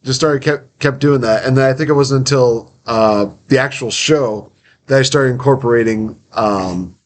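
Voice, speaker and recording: A man's voice: mid-range voice, moderate pace. Chatty young man hosting, faint hiss. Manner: chatty, rambling, acts out quotes. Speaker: podcast host. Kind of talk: casual interview chat.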